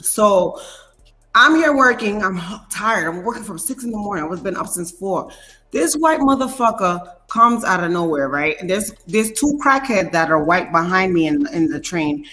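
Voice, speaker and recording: A woman telling a long story in casual chat, animated and full of profane slang. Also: fairly low pitch, moderate pace.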